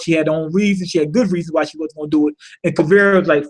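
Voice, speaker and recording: A man with a fairly high voice talks through a cartoon episode in a relaxed, profane recap. He pads his thoughts with slang and fillers and keeps stopping to ask rhetorical questions. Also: very fast. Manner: animated, thinks aloud with rhetorical questions. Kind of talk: casual spoken recap.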